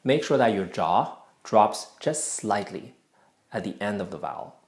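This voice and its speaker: A male language teacher speaking at an unhurried, deliberate pace in a low, gravelly voice. He drills syllables slowly and clearly. He keeps checking in with the listener as he explains. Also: expressive. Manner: patient, checks in often with "right?" and "okay?". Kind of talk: recorded pronunciation lesson.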